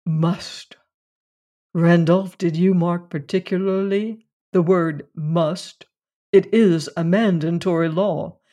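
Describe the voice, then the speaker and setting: A slow-paced reader voicing a grave man who speaks with measured, solemn weight. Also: high-pitched, fairly even intonation, warm tone.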